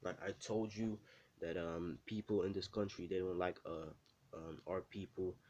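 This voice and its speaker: A man's voice: sits low, fairly even intonation, moderate pace, a little mellow, highs cut off, a little hiss or hum. A man casually telling a made-up story, rambling with lots of fillers and restarts.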